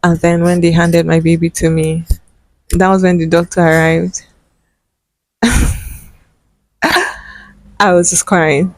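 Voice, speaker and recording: A woman's voice: fairly low pitch, flat delivery, takes it slowly, long pauses, no room sound, poor audio. A young woman vlogger telling a personal story in an emotional, earnest way, with many fillers.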